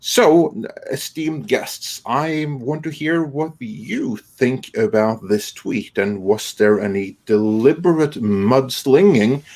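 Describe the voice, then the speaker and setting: Low-voiced man hosting a live panel. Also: darkish tone. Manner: conversational, thinking aloud while leading the talk. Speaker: show host. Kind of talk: live-stream panel discussion.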